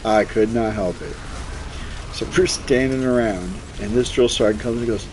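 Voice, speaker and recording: A man's voice: on the low side, moderate pace, darkish tone, a little hiss or hum. Profane, rambling young man streamer. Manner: loose, profane, rambling storyteller. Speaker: gaming streamer. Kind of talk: casual storytelling chat while gaming.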